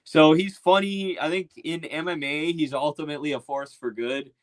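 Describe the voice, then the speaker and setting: A man's voice: on the high side, fairly even intonation, moderate pace, low-quality recording. A man giving casual opinion commentary in a loose, slangy, mocking way. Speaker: political commentator.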